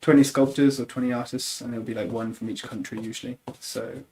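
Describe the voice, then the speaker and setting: A man's voice: medium pitch, fast, a little hiss or hum, low-quality recording. A man, a guest sculptor, chatting casually and telling rambling anecdotes full of "like" and laughs. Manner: rambling, animated, lots of "like" and laughter.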